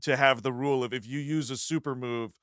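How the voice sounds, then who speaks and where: A man's voice: mid-range voice, steady tone, fairly quick, fairly bright tone, clear, resonant tone, dry recording, studio quality. A man hosting a film podcast, recapping the plot in a jokey, profane way. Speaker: podcast host. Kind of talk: casual chat.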